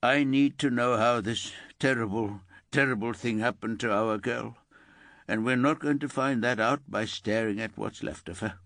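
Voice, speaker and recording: A man's voice: medium pitch, normal speed, a bit bright, dry recording, studio quality, natural voice. A man playing a frail older father stricken with grief, in a thriller audiobook. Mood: grieving. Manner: angry then breaking.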